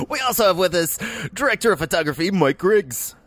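A playful man in his forties hosts a casual film podcast, laughing easily as he teases his co-hosts. His pitch swoops around a lot, and the sound is close and dry, with no room echo. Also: animated, brisk, a bit bright. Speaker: podcast host and film editor.

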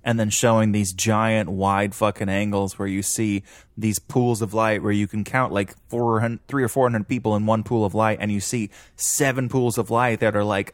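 Low-ish guy chatting movies with buddies, swears a lot, laughs easy. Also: no echo. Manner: profane, laughing, animated impressions. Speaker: podcast co-host. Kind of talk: casual movie chat.

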